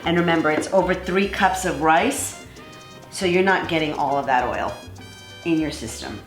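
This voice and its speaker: A woman's voice: low voice, moderate pace, reverberant, soft background music. A woman hosting a cooking demonstration in a kitchen, talking viewers through each step in an effusive, enthusiastic, chatty way. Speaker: cooking show host.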